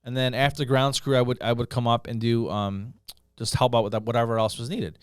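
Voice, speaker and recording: A man's voice: mid-range voice, flat delivery, a little fast, clear, resonant tone, dry recording, clean studio sound. A middle-aged man from Utica, New York, telling a story as a guest author, rambling with fillers and restarts. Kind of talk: casual podcast chat.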